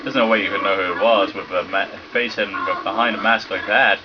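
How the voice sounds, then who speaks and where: A man's voice: deep voice, fairly quick, lightly acted. A man doing a put-on accent while voicing a brash young male student who challenges others. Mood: challenging. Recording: dull lo-fi recording with steady noise.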